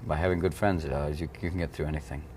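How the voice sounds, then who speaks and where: An American actor in his thirties rambles playfully through a press junket interview, often slipping into comic voices. He speaks fast in a bass voice that is a little mellow, with fairly even intonation. There is slight background noise.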